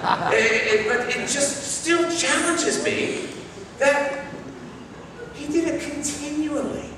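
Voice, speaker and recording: A male pastor preaching a sermon, telling stories in an animated, self-mocking way. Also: very high-pitched, slow, background noise. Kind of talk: sermon with humorous storytelling. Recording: echoey hall, mic far off.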